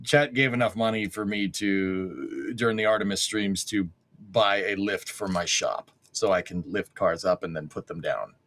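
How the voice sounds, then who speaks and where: A man co-hosting a casual podcast chat, talking in a joking, rambling, animated way. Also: fairly low pitch, normal speed. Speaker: show co-host.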